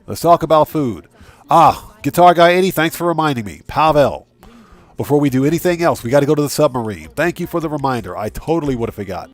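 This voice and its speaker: Chatty male game streamer, slightly high voice. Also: animated, fast talker. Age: adult with a wife and child. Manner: chatty, thanks viewers by name, reads out chat. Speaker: live-stream gaming host. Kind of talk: casual live-stream chat.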